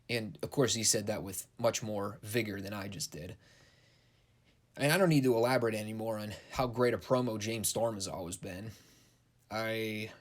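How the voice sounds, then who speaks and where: Sarcastic man recapping wrestling, low voice. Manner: blunt, sarcastic, profane. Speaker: wrestling show reviewer. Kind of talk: casual solo recap.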